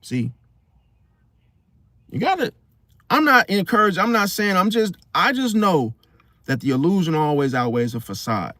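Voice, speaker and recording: Animated man with a lively voice. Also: high voice, moderate pace, long pauses, no room sound. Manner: animated, keeps asking "See?". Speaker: host. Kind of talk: casual astrology monologue.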